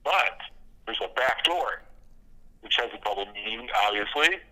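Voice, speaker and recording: A man chats casually as a podcast guest, his voice bright and pushed forward. He strings stories together with plenty of fillers and false starts, chuckling at his own jokes. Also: medium pitch, lively intonation, moderate pace, low-quality recording. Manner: rambling storyteller, many fillers and restarts, laughs at own jokes. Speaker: podcast guest, comic creator. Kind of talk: casual interview talk.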